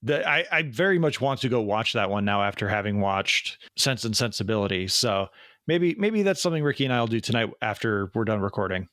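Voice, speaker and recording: A man's voice: on the low side, lively intonation, brisk, a bit bright, dry recording, clean studio sound. A man co-hosting a podcast in casual chat, joking and laughing a lot. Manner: jokey, laughs often, puts on bad mock accents. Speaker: podcast co-host.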